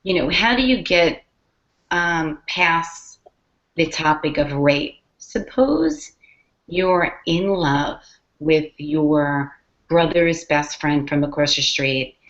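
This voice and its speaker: A woman author chatting casually in an interview, telling animated stories with plenty of profanity and acted-out quotes. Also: low voice, takes it slowly. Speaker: author guest. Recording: dull lo-fi podcast audio.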